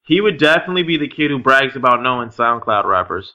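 A man co-hosting a casual podcast muses out loud and laughs often. His voice has a bright, sharp edge at a middle pitch, and he fills his sentences with hedging fillers. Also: big pitch swings, fast talker, lo-fi sound. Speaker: podcast co-host.

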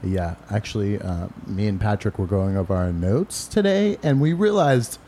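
A man's voice: fairly low pitch, animated, moderate pace, warm tone, a little hiss or hum. A man co-hosting a podcast in casual, joking chat, laughing often. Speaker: podcast co-host.

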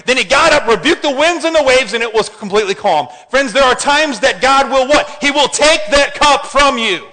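A man preaching a sermon in an animated way, often asking the congregation questions. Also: very high voice, moderate pace, hardly any pauses. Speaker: pastor. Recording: hall reverb.

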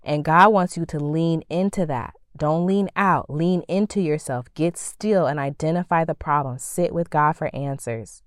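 A low-pitched woman hosts a faith-centered motivational podcast, speaking in a lively, preacherly way and slipping into playful, sassy asides. Her voice is recorded close and dry, with no room sound. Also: normal speed, few pauses, no echo. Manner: animated, preacherly, acts out quoted thoughts with playful sass. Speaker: podcast host. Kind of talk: faith-based motivational talk.

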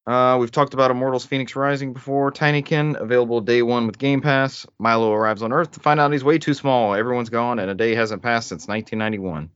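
A man's voice: medium pitch, fairly even intonation, quick pace, few pauses, a bit bright, clear, resonant tone, no room sound. A man hosting a casual gaming podcast, reading lists of upcoming games aloud with joking asides. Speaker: podcast host. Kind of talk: casual chat, reading game news. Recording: dull dry studio sound.

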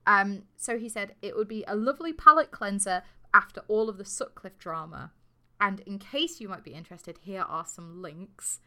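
A woman's voice: medium pitch, normal speed, pushed and bright. A woman co-hosting a podcast, telling a true crime story in a casual, sweary, jokey way. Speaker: podcast co-host.

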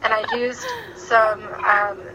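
A woman guest on a podcast tells a story in an animated, chatty way, sprinkling in "like" as she goes. Her voice is bright and somewhat high-pitched. Faint noise sits behind her. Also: slow, gravelly, rough recording. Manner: animated, chatty, frequent "like" fillers. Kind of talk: casual storytelling.

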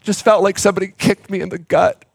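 A man's voice: high voice, little pitch movement, fast talker, gravelly, no room sound. A middle-aged man preaching a sermon as pastor, telling a personal story with fillers and restarts.

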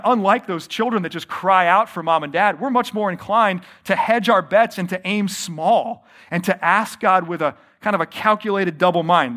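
A man preaching a sermon, often slowing down to stress his points and calling the listeners friends. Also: sits high. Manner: varies pace and loudness, slows for emphasis. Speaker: pastor.

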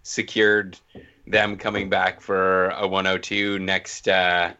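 A man's voice: deep voice, little pitch movement, slow, bright, forceful tone, clear, resonant tone. A man hosting a podcast, talking in an upbeat, informal way. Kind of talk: casual chat. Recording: dull lo-fi audio.

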